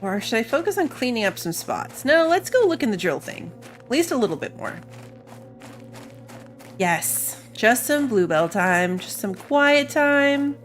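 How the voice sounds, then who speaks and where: Soft background music accompanies a woman whose voice is on the high side, sing-song and a little slow. A weary mother of kids in school, this streamer chats and rambles casually while playing a game, occasionally yawning.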